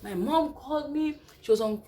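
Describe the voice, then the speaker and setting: A young woman with a Nigerian accent, telling her viewers a personal story in a lively, chatty way. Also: high voice, normal speed, noisy background. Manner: animated, lively retelling full of asides to viewers. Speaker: vlogger. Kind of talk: casual storytelling to camera.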